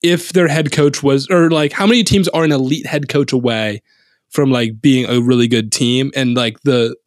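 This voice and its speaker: A man's voice: medium pitch, steady tone, normal speed, dry recording, studio quality. A man co-hosting a sports podcast, talking loosely and laughing easily. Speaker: podcast co-host. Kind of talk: casual sports chat.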